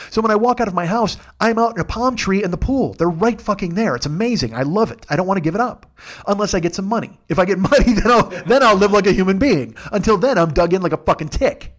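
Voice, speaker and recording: A man's voice: high-pitched, animated, fast. A middle-aged man hosting a comedy podcast, ranting through a long profane story with self-mocking asides.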